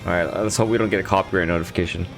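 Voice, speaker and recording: A man's voice: deep voice, steady tone, very fast, gravelly, soft background music. A man streaming a game, chatting casually and thinking aloud in a laid-back, rambling way. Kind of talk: casual chat while gaming.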